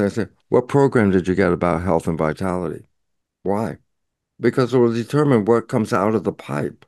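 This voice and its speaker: Man explaining with animated acted-out dialogue. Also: on the low side, gravelly, no echo, clean studio sound. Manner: animated, acts out imagined back-and-forth dialogue. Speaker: guest scientist. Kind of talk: explanatory interview talk.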